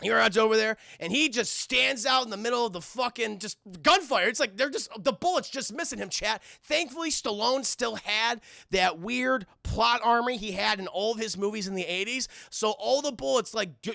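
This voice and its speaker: A man streaming a casual, profane, animated film recap, constantly calling out to his chat. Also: high voice, normal speed, creaky, few pauses, no room sound, clean studio sound.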